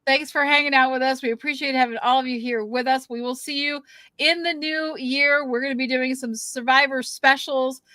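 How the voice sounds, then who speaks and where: A woman's voice: high voice, fairly even intonation, normal speed, bright, forceful tone, no room sound. A woman hosting a fan podcast, wrapping up in a chatty, rambling way with plenty of ums and thank-yous. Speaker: podcast host. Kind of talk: casual show wrap-up chat.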